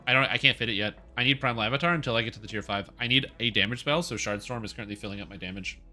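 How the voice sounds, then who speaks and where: Bright-voiced chatty male streamer. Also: lowish voice, racing, soft background music. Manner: chatty, jokey, explains as he plays. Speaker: game streamer. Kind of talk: casual gameplay commentary.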